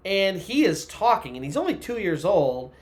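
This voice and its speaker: His high voice has a darkish tone and swings widely in pitch as he tells a creepy story at a moderate pace. The telling is casual and rambling, thick with "you know" and "kinda."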